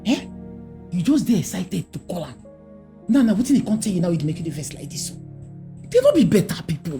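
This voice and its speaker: A woman's voice: mid-range voice, dark tone, lightly acted. An actress playing a protective middle-aged mother who speaks Nigerian Pidgin English, scolding with emphatic repeated questions. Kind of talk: Nollywood film acting. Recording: film soundtrack with faint music behind.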